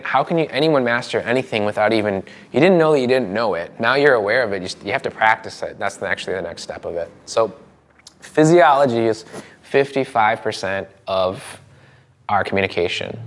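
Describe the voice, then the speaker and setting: A man teaching a live seminar, animated and chatty, often restarting sentences and acting out tones of voice. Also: fairly low pitch, fairly quick. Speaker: NLP seminar trainer. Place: seminar room with a live audience.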